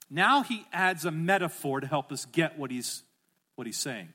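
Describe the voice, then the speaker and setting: Middle-aged man, pastor, sermon, bright forceful tone, animated, calls for repeats. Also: a little high, moderate pace. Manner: animated, rising to emphatic calls; asks the congregation to repeat phrases.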